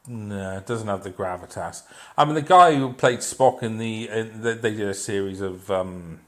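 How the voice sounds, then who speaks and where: A man ranting in a blunt, profane and sarcastic way, rambling with restarts and filler as he reviews a show. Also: medium pitch. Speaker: video reviewer. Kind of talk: unscripted rant.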